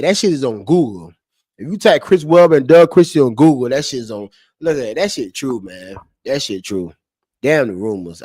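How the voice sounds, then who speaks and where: A man's voice: mid-range voice, a little mellow, no echo, studio quality. A man live-streaming to his chat, talking heatedly and profanely and repeating his points over and over. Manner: heated, profane and repetitive, restating each point. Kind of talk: unscripted live-stream commentary.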